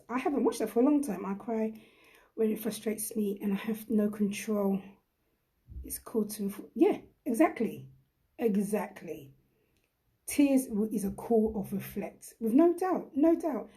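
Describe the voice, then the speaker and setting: A woman's voice: fairly high pitch, dark tone. A middle-aged woman hosting a reflective live-stream talk, speaking earnestly and repeating phrases for emphasis. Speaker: host.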